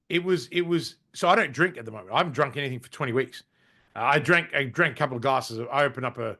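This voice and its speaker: A man in his forties, a podcast guest telling stories in casual chat, animated, swearing casually and saying "mate" and "right?". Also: medium pitch. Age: 40s.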